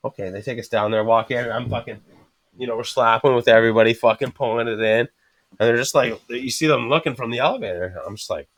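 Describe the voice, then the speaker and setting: Profane, animated man telling bar stories. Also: medium pitch, fast, no echo. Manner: swears constantly, animated storyteller acting out quotes. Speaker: podcast host. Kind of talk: casual chat.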